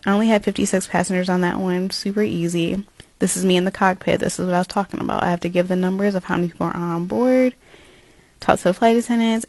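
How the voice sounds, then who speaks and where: A young woman talks through her shift as a gate agent in a casual vlog voiceover, chatty and step by step. Her voice has a gravelly edge, and faint music plays beneath her. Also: medium pitch, a little mellow.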